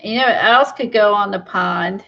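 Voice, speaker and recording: A woman's voice: medium pitch, moderate pace, creaky. A woman chatting and thinking aloud while she works on a craft project, gushing over small finds. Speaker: craft video host. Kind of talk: casual crafting chat. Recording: dull lo-fi sound.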